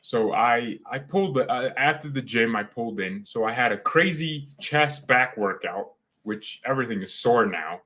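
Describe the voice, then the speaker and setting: Young guy rambling on his stream, mid-pitched voice, gets loud and hyped, lots of slang, keeps restarting sentences. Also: normal speed, few pauses. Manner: rambling and excitable, full of slang, frequent restarts. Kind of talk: casual live-stream chat.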